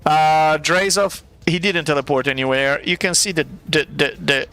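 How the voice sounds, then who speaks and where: A man's voice: a little high, fairly even intonation, moderate pace, sharp tone, faint music behind. A man running a live-play tabletop game as game master, narrating scenes in a playful, theatrical way.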